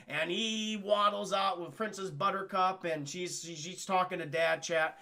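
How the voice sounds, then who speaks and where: Animated, swearing young man recapping a film. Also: sits high, creaky. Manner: animated, swears a lot, acts out lines in quick put-on voices. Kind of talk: profane comic film recap to live chat.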